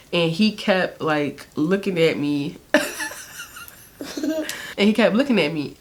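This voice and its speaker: A woman's voice: fairly low pitch, slight background noise. A young woman casually telling a candid, sarcastic story to camera, laughing often and using slang. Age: young adult. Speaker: beauty vlogger telling a story.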